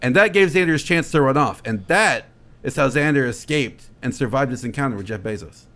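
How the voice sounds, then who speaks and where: A man's voice: medium pitch, animated, brisk, a bit bright. A man co-hosting a comedy podcast, telling an absurd story with casual profanity and mock-dramatic character voices. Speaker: podcast co-host.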